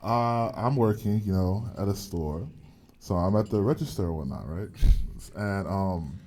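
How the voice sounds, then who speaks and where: A man's voice: deep voice, unhurried, warm tone. A young man co-hosting a podcast, telling a story in casual chat, rambling with fillers and laughing often. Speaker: podcast co-host.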